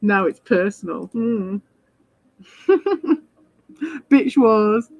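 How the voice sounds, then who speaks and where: A woman rambles from thought to thought while live-streaming a game, chatting casually and swearing freely as she gets worked up. Her mid-range voice is creaky and darkish and she talks extremely slowly, in a dry, dull-sounding recording.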